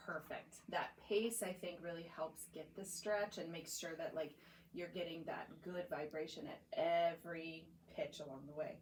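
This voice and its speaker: A woman's voice: low voice, fairly even intonation, moderate pace, reverberant, noisy background. A young woman working as a voice clinician, patiently guiding a client through voice exercises step by step with encouragement. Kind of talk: guiding a voice therapy session. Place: clinic room.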